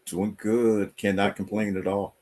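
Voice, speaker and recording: A man's voice: lowish voice, little pitch movement, a little slow, darkish tone. A man from North Carolina, a guest guitarist with a North Carolina accent, answering interview questions in an easygoing, thoughtful way.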